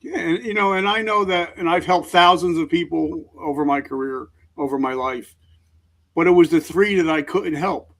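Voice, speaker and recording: A middle-aged man, a veteran guest on an interview show, speaking earnestly and openly in halting sentences. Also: on the high side, vocal fry, a bit bright. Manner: earnest, halting, emotionally open. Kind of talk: candid interview talk.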